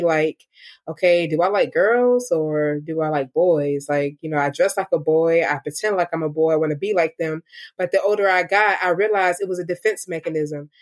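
A young woman giving a candid personal testimony in an interview, reflective and full of "like" and "um". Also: deep voice. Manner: candid and reflective, with many "like" and "um" fillers. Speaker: interview guest. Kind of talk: personal testimony, casual storytelling.

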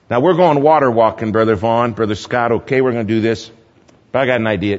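A man's voice: mid-range voice, quick pace. A man preaching a sermon, telling stories with animation and repeating his numbered points. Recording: dull lo-fi sound with long hall reverb.

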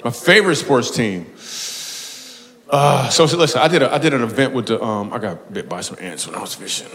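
A man's voice: mid-range voice, brisk. A man doing stand-up crowd work, telling stories and teasing audience members with bursts of laughter. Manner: loose, teasing, storytelling with bursts of excited laughter. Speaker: stand-up comedian taking audience questions. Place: large hall before a live audience. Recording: live hall with long reverb.

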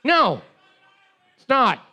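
A man's voice: very high voice, huge pitch swings, drawn-out words, pushed and bright. A young man co-hosting a bar trivia night, cracking teasing jokes alongside the host. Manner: wisecracking, teasing. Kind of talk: casual bar banter.

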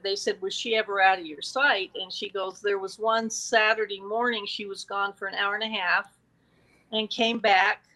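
A medium-pitched woman's voice, roughly recorded, narrates a true-crime story in a casual chat. She is lively and acts out the quotes taken from the record.

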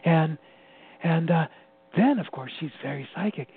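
A man giving an animated, personal account as an interview guest, often laughing as he tells it. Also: a little high, measured pace. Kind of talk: personal storytelling. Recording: tinny phone-line sound with faint hum.

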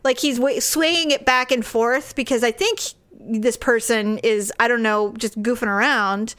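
A woman co-hosting a casual chat, with a somewhat high voice. She tells stories in an animated, self-deprecating way and lifts her voice further when she quotes people. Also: a little slow.

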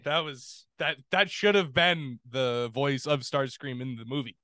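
A man co-hosting an interview, playful and quick to laugh. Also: medium pitch, bright, forceful tone, dry recording. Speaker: podcast co-host. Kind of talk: casual interview chat.

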